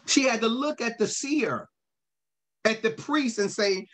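A man with a notably high voice delivers a sermon as a pastor. He tells his stories emphatically, circling back on phrases, and his speech stays casual and down-to-earth. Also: unhurried, fairly bright tone. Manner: repetitive, emphatic storytelling preaching with casual dialect.

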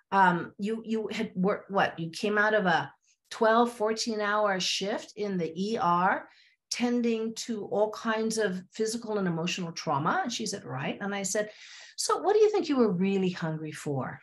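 Speaking at normal speed in a mid-range voice, this woman is a therapist being interviewed on a podcast. She recounts stories from her practice with animation, voicing the dialogue of her clients and of herself.

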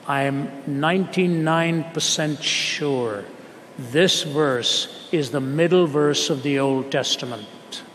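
A man's voice: a little high, slow pace, fairly bright tone, slight background noise. Man preaching in a reverberant hall. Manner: storytelling, rising to emphatic questions. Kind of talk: sermon. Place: large auditorium with audience. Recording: hall reverb, faint ambience.

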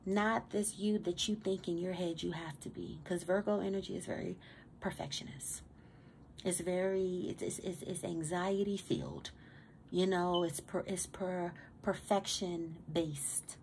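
A woman's voice: lowish voice, a little slow, gravelly, a little mellow, a little hiss or hum. A woman giving a casual tarot reading to her viewers, emphatic and streetwise, swearing freely and stammering on repeated words in a motivational pep talk. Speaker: tarot reader.

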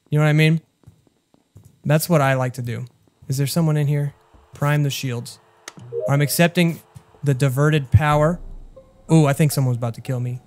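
A man's voice: on the high side, steady tone, normal speed, long pauses, a little mellow. A man talking to himself as he plays a social deduction game, wary and chatty between tasks. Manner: talks to himself while doing tasks, wary. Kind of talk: casual gameplay commentary. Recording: faint music behind.

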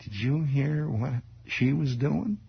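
A man voicing a schoolboy who passes on gossip in a hushed, conspiratorial tone. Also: mid-range voice, takes it slowly, gravelly, breathy edge, full character voice. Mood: sly. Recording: dull old radio broadcast.

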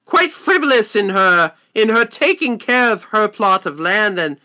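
A woman's voice: mid-range voice, expressive, unhurried, bright, forceful tone. A man voicing a haughty female merchant in a tabletop game, talking in a prim, evasive way with fussy restarts. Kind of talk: tabletop role-play.

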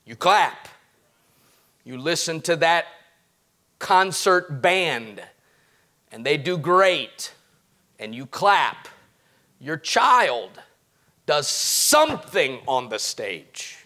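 A middle-aged male pastor preaching a sermon, swinging from quiet talk to impassioned shouts. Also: a little high, big pitch swings, drawn-out words, pauses often.

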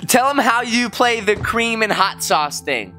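A man hosting a gaming video, giving excited, goofy gameplay commentary and often shouting. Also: extremely high pitch, unhurried. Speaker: gaming channel host and dad. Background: game music.

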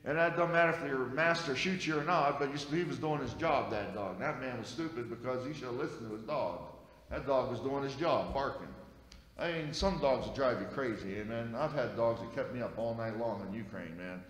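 Folksy preacher in an echoey church. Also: male voice, medium pitch, brisk, a bit bright, a little hiss or hum. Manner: folksy, conversational preaching with frequent amens. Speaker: pastor. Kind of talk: sermon. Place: church sanctuary.

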